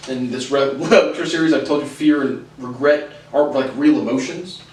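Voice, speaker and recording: A man's voice: medium pitch, fairly even intonation, moderate pace, a little mellow, slight background noise. A man hosting a lecture series, talking in a casual, rambling way with many fillers and frequent chuckles. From United States. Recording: very echoey room, far from mic.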